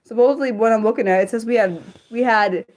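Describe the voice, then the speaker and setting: A woman hosting an unscripted livestream, rambling with lots of fillers and sudden jumps in pitch. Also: fast, a little mellow. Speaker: livestream host.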